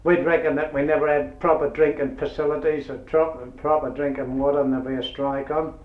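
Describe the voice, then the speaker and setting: A man's voice: a little high, little pitch movement, fairly quick. Older man, interviewee, earthy yarn-spinner; roomy, lo-fi tape. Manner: rambling, earthy, chuckling anecdotes. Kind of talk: oral history storytelling. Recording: dull roomy old tape with hiss.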